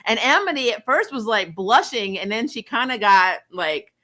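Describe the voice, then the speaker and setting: A woman's voice: on the high side, very animated, moderate pace, bright, forceful tone. A young adult woman hosting a casual review chat, chatty and full of fillers, laughing often as she retells. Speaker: host.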